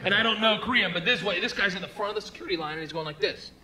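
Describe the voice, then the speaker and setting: A man performing a stand-up comedy routine on stage, telling stories loudly and with lots of energy. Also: high voice, racing. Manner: loud, animated storytelling. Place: comedy stage before a live audience. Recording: live stand-up with loud crowd noise.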